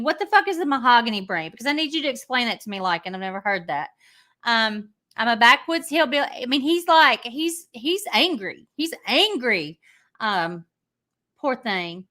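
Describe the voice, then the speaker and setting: Taunting, bright-voiced woman on a call. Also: on the high side, lively intonation, measured pace. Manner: mocking, taunting, profane. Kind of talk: heated casual chat.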